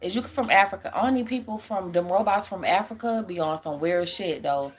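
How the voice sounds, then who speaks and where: A woman's voice: mid-range voice, fairly quick. A young adult woman on a live stream who rambles, swears and laughs often while answering her chat as a spiritual reader.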